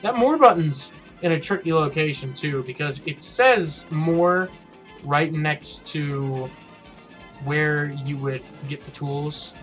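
A man's voice: a little high, slow, a bit bright, faint music behind. A man hosting a gaming channel, giving casual commentary as he plays, blunt and mocking, with frequent swearing.

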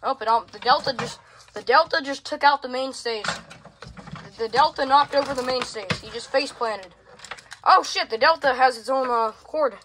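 This woman has a high voice and a moderate pace as she narrates her home vlog about her fan collection. She rambles, swears often, and struggles with her gear in a room of her house. The recording is phone video, with loud fan noise behind her.

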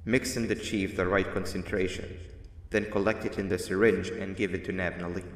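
An actor playing a calm male instructor giving measured, serious directions over a speaker in a game. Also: deep voice, natural voice. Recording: roomy echo with long reverb.

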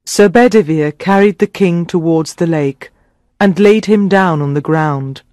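A man with a fairly high voice narrates a simple story for English learners. His reading is clear and dramatic. The sound is close and dry. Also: measured pace, darkish tone, dry recording.

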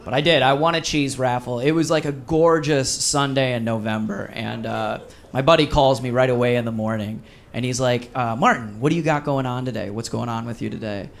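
A young man works a crowd in a live stand-up set, his voice sitting at an ordinary middle pitch. He tells his stories in an animated way, slipping into quick acted voices. Faint noise runs under the room. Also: gravelly. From Wisconsin. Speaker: stand-up comedian. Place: live comedy venue. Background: audience laughter.

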